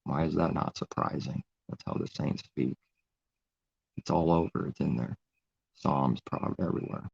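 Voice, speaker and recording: A man's voice: extremely low pitch, moderate pace, gravelly, a little mellow, husky, no echo, highs cut off. A man giving an informal, rambling sermon in a conversational way. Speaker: preacher. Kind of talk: informal live-stream sermon.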